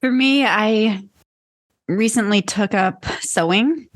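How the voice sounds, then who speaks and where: A woman's voice: mid-range voice, slow. A young woman co-hosting a podcast, a teacher chatting candidly and wryly. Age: young adult. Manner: wry, candid, laughing between lines. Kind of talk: casual chat.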